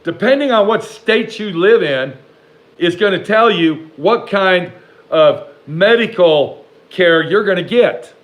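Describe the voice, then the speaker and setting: A man's voice: high-pitched, rough recording. Fired-up, foul-mouthed storytelling man. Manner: profane, rambling, talks back to imagined haters; animated, jumps between slow emphasis and rushed asides. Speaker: vlogger telling a personal story. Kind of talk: casual storytelling to camera.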